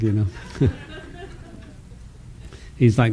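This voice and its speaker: Speaking at a conference, a man shares his testimony as lively storytelling, laughing as he performs dialogue, while his reflective moments bring stammering restarts. His voice is a little high and unhurried, and he pauses often.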